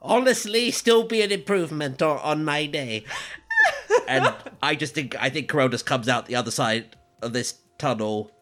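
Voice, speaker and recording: A man's voice: on the high side, moderate pace, fairly bright tone. A man playing in a tabletop game, chatting casually and playfully. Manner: laughing, playful. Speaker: player. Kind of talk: casual role-play chat.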